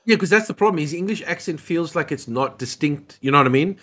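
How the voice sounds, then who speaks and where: A man's voice: a little high, expressive, fast, fairly bright tone. A man giving his opinions as a podcast guest, casual and rambling, with many restarts and the odd swear word. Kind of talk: casual chat.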